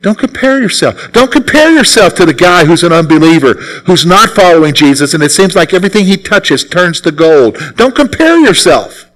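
Pastor delivering a sermon, a man with a high voice who exhorts through repetition. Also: sing-song, moderate pace, hardly any pauses, a bit bright.

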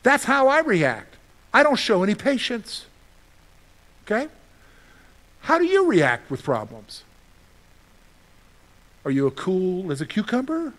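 A middle-aged man preaching a sermon as pastor, lively and conversational, asking his listeners questions and answering them himself. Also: high-pitched, slow, long pauses. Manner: animated, asks the congregation questions and answers them; acts out his own panicked reactions for humor.

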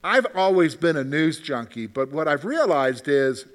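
Speaking at a moderate pace in a slightly high voice full of big pitch swings, a man teaches a Bible study class. The talk is an interactive discussion in which he questions the group, repeats phrases, and frequently asks "okay?".

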